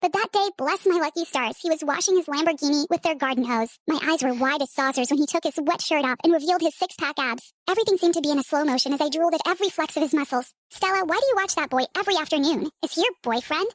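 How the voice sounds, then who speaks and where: A woman narrating an animated story in the first person as a sarcastic, dramatic teenage girl. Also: high voice, fast, few pauses, no room sound. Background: loud background music.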